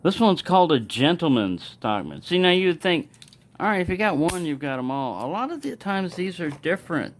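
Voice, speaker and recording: A man's voice: mid-range voice, a little hiss or hum. A man casually showing his knife collection to his camera, rambling with restarts and asides. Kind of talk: casual show-and-tell vlog.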